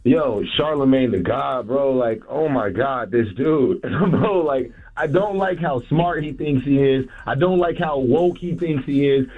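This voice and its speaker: A man's voice: medium pitch, measured pace, few pauses, faint music behind. A man calling in to a radio show, rambling and saying bro over and over. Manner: rambling, says bro constantly. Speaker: caller. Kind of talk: call-in radio rant. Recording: dull phone-in line.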